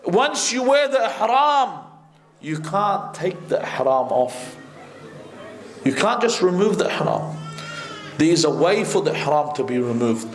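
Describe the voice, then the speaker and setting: Male sheikh, fervent sermon delivery, high pitch, roomy hall sound. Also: animated, measured pace, long pauses, faint music behind. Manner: impassioned, rhetorical questions, rising to high emphatic peaks. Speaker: sheikh preaching at a majlis. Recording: echoey hall.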